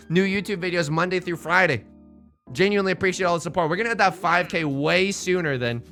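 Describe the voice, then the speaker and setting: Male streamer with a bright, lively voice, joking his way through a live game, faint music underneath. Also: on the high side. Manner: joking, animated, rambling asides.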